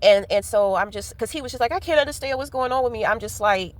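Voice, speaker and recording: A woman's voice: fairly high pitch, fast talker, few pauses. A woman chatting casually while driving, telling a rambling, candid story full of profanity. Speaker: vlogger. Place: inside a car. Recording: car noise in background.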